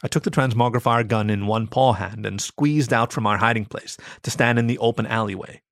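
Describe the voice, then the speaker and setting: A man reading an adult story aloud as its narrator, in an expressive, animated way. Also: medium pitch, fairly quick, dry recording, studio quality. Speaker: story reader.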